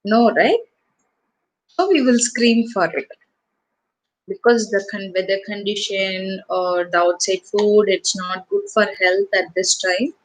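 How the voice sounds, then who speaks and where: A woman's voice: mid-range voice, poor audio. A woman teaching an online class to young children, coaxing them with repeated questions. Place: home or small room, online class.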